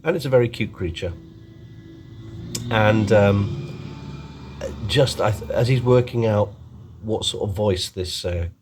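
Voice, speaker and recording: A man's voice: sits low, a little mellow, slight background noise. A man giving a rambling, casual film review, full of ums and restarts.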